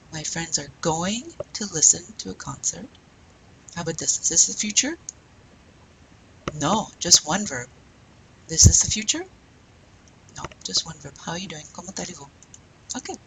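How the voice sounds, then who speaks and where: A woman teaching a French class, slowly modelling phrases and pronunciation for students to repeat. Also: lowish voice, sing-song, sharp tone, slight background noise, low-quality recording. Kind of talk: classroom language lesson.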